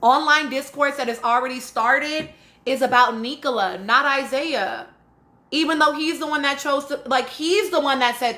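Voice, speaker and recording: In a high voice at a moderate pace, bright and forceful, a woman hosts a live stream and reads chat comments aloud before answering them. Her delivery is casual and emphatic, peppered with "right?" checks, and the recording sounds roomy.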